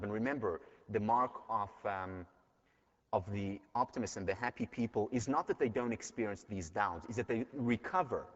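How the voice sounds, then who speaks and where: A man giving a university lecture and telling stories in an earnest way, heard in a dull recording from a large lecture hall. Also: fairly low pitch. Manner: earnest, storytelling.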